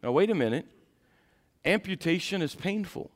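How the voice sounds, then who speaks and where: Male pastor, high-pitched voice, folksy sermon delivery that rises to shouted peaks. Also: animated, moderate pace. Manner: swings from soft asides to loud shouted preaching; folksy, addresses the congregation directly.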